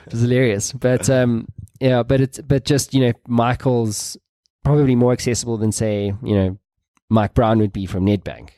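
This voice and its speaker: A man's voice: mid-range voice, fairly even intonation, moderate pace, few pauses, dark tone, dry recording, clean studio sound. A man hosting a podcast interview, talking in a loose, rambling way and swearing casually. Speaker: podcast host.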